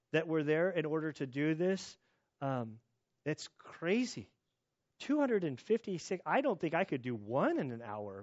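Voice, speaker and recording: A man's voice: on the high side, no echo, muffled recording. Conversational male pastor preaching. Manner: conversational, with many restarts and asides. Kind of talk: sermon.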